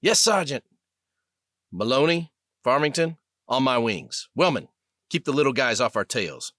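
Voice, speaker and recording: A man's voice: medium pitch, lively intonation, unhurried, a bit bright, dry recording, studio quality, voice pushed up. A man doing a bold army sergeant giving orders. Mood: commanding. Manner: firm, raised commands. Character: bold male army sergeant, squad leader.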